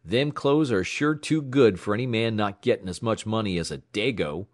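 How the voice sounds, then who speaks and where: A man voicing a menacing, contemptuous male tramp with a hoarse, gruff, slow drawl. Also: lowish voice, no room sound, clean studio sound, voice pushed up, lightly acted.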